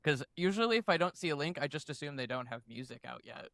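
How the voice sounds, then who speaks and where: Band dude on a podcast, dry wry jokes, deadpan, no room echo. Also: male voice, fairly high pitch, fast talker, vocal fry. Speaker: band member, guest. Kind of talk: casual chat.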